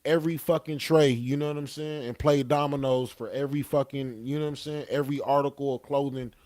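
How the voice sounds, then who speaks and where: A young man tells a story in relaxed podcast chat. His voice sits in an ordinary middle range. He talks loosely and profanely, and keeps tossing in "you know what I'm saying.". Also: mid-range voice, fairly quick. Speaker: podcast guest. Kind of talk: casual storytelling.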